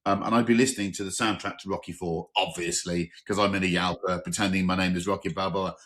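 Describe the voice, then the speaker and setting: A middle-aged man from England leans back and chats on a podcast, his voice sitting a little low. He tells his stories with easy enthusiasm and keeps the talk rolling as host. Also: fairly even intonation, quick pace, a bit bright. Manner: chatty, enthusiastic, tells anecdotes, exaggerated quoted voices. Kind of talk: casual chat.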